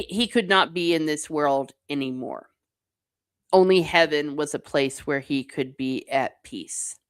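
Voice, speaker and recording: A woman's voice: on the low side, clean tone. Chatty woman host, wry and playful. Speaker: host reading live chat. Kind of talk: casual livestream chat about films.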